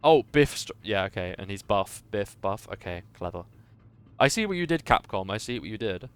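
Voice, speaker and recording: A man's voice: lowish voice, big pitch swings, normal speed, smooth. A man streaming a game, chatting casually and poking fun at himself. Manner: self-mocking, chatty.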